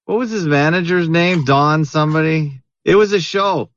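A man's voice: fairly high pitch, moderate pace. A man hosting a heated podcast chat, arguing back and dismissing others' points. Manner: argumentative, interrupting, dismissive. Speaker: podcast host. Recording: dull lo-fi audio with faint hiss.

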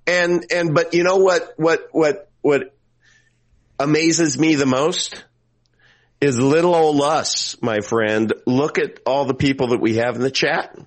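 A man's voice: a little slow, no room sound. A man hosting a podcast, introducing his guest in a showy announcer manner, then chatting casually. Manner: theatrical announcer delivery with big pitch swings. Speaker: podcast host. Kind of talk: showman-style intro then casual chat.

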